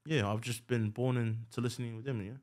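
A man from New Zealand with a New Zealand accent, a rapper guest in casual podcast chat, laid-back and quick to agree. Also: mid-range voice, flat delivery, a little mellow. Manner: laid-back, frequent "yes, sir" and laughs.

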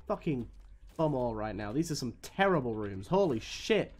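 A man giving live gameplay commentary as a streamer, swearing often and swinging between weary groans and excited yelps. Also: medium pitch, moderate pace, faint music behind.

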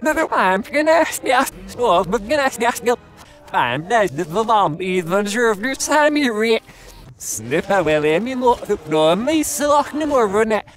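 A man in excited gaming chatter, firing off quick shouty callouts while he plays. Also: sits high, faint music behind.

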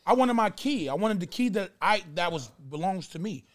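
A man's voice: high voice, lively intonation, moderate pace. A man from New Jersey speaking as a guest on a talk show, emphatic and repeating himself in casual chat.

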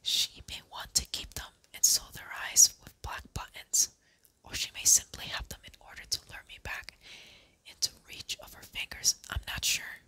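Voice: normal speed, sharp tone. A reader voicing a determined young girl who tries to sound grown-up, in a whispered role-play. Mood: earnest. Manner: earnest, trying to sound grown-up.

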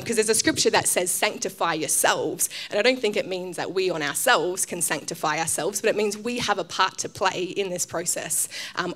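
An Australian woman pastor preaching a casual, conversational sermon, full of fillers and restarts, who acts out the voices in her stories with loud, high outbursts. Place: church stage.

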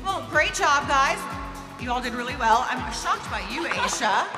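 A woman moderating a live panel, brisk and teasing as she takes audience questions. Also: high voice, expressive. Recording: echoey hall, music behind.

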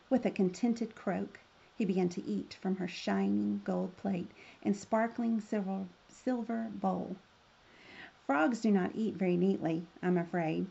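Gravelly woman reading a fairy tale. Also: mid-range voice, unhurried, lo-fi sound. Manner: gentle, expressive read-aloud. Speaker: storyteller.

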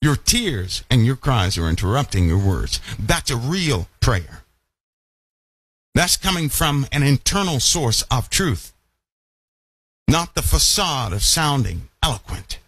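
A man preaching a Bible-study sermon who keeps asking his listeners questions and slows down to stress key lines. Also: mid-range voice, big pitch swings, fairly bright tone, slightly rough, dry recording. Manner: emphatic, asks the audience questions often.

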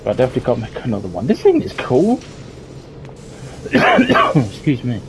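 A man's voice: mid-range voice, wildly swooping pitch, normal speed, heavy background noise. A young man commenting on a horror game as he plays, swearing a lot and yelping when something startles him. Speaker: gameplay streamer. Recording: game music loud behind voice.

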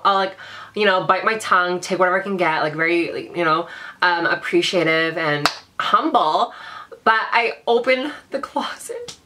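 Bright-voiced chatty young woman vlogger. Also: lowish voice, a little hiss or hum. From Vancouver, Canada. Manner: chatty, dramatic, heavy use of "like". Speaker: beauty vlogger. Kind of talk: casual storytime vlog.

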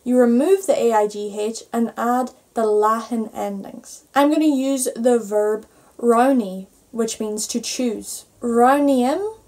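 A young woman with an Irish accent explains grammar at an unhurried, careful pace, in a fairly high voice. She spells things out letter by letter like a patient teacher. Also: a little mellow. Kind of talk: online grammar lesson.

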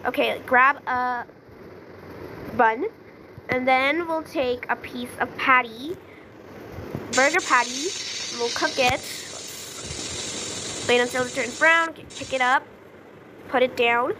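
A young woman chatting through a video game as she plays it, easily flustered, with gasps and excited outbursts. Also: high-pitched, takes it slowly, pauses often, slight background noise, poor audio. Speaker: gaming YouTuber. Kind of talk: casual gameplay commentary.

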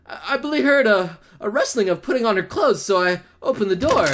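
A man giving excitable let's play commentary, laughing and swearing through his reactions. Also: extremely high pitch, normal speed, hardly any pauses, slight background noise. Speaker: gaming channel host.

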